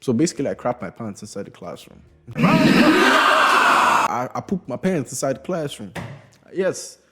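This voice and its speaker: A young man in his early twenties telling a comedic story, animated, swearing freely and laughing through his lines. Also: mid-range voice, fast talker, loud music behind the voice.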